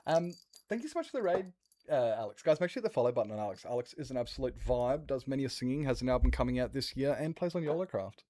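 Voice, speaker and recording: A man's voice: medium pitch, lively intonation, fast talker, dark tone, a little hiss or hum. A man streaming a game, chatting casually in a rambling, jokey way and laughing often. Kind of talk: casual gaming stream chat.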